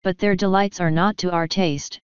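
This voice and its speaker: A young witch girl holds her ground with firm, defiant words, as a woman reads her part. The voice is low and very smooth, with a dry, slightly dull sound. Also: steady tone, normal speed, no echo, lightly acted.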